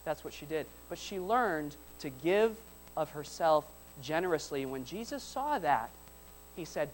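A man preaching a sermon to a congregation in church. He builds repeated lines into loud emphatic peaks and drops to soft, quiet asides between them. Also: fairly high pitch, big pitch swings, a little slow, a little hiss or hum, rough recording. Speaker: pastor. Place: church service before a congregation.

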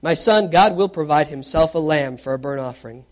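A man preaching a sermon, reading scripture aloud and questioning his congregation, swinging from loud animated questions to hushed emphasis. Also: a little high, fairly quick.

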